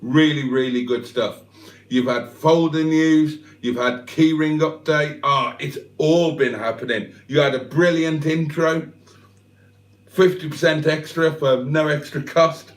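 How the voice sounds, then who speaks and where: An older man hosts a casual livestream, reading viewers' comments aloud and trading cheeky, self-mocking jokes. His voice sits a touch higher than most men's and moves quickly through each aside. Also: steady tone, roomy sound. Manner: jokey, teasing, self-deprecating banter. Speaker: livestream host.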